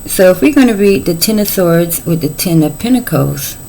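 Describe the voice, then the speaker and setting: A woman's voice: lowish voice, lively intonation, moderate pace, vocal fry, dark tone, slight background noise, poor audio. A middle-aged woman giving a casual tarot reading, chatty and folksy with playful asides. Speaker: tarot reader.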